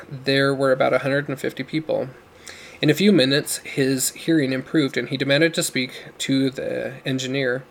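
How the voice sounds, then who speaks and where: A man reading a novel aloud, unhurried, with occasional slips he corrects. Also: medium pitch, creaky. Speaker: podcast reader.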